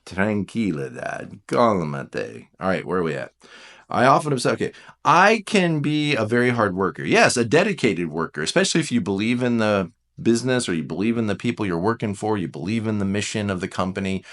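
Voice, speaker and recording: An Enneagram coach talks casually to camera about personality types, his voice fairly low. He's animated, jumping into playful mock voices of his viewers, then dropping to slow, quiet emphasis on key points.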